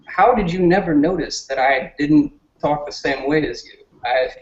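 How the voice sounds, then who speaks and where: Southern man, interview guest, earnest and low-key; echoey, muffled recording. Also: moderate pace. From southern United States. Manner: earnest, toned-down delivery. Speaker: guest, political candidate. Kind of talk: casual interview talk. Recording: roomy, dull lo-fi sound.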